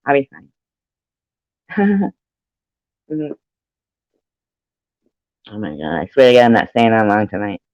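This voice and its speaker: A woman's voice: rumbling low, wildly swooping pitch, takes it slowly, pauses often, darkish tone, dry recording, poor audio. A woman chatting casually on a live stream, rambling and swearing freely, laughing often between remarks. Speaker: livestreamer.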